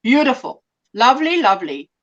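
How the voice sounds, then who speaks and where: A chatty South African woman hosts a relaxed crafting livestream, greeting viewers one by one. Her voice sits high and moves around a lot. The sound is a little dull and lo-fi. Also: brisk. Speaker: livestream host. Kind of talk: casual chat on a crafting livestream.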